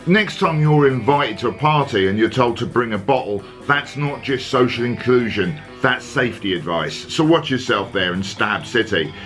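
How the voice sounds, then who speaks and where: Deadpan man ranting to camera. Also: mid-range voice, moderate pace, few pauses, faint music behind. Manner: deadpan, sarcastic, rambling with fillers. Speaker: comedy vlog host. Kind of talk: comic monologue to camera.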